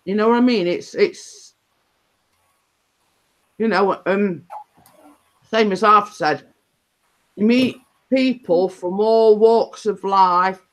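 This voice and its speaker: A woman's voice: medium pitch, slow pace, long pauses. A woman hosting a casual live stream, talking in a rambling, chatty way with many fillers and restarts. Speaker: livestream host.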